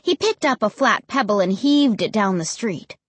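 A woman narrating a children's story as an audiobook reader, with an expressive, lively delivery. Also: mid-range voice, moderate pace, husky, no room sound.

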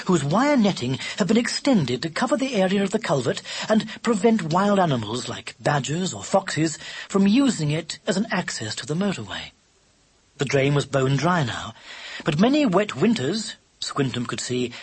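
A man narrating an animal adventure audiobook in an expressive storytelling manner. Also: a little high, husky.

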